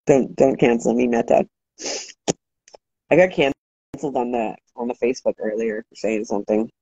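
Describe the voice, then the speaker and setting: A woman hosting a casual livestream, talking fast and loose, swearing freely and ranting, shouting out viewers. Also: a bass voice, breathy edge, no room sound. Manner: profane, animated, ranting. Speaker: livestream host. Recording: dry, dull lo-fi sound.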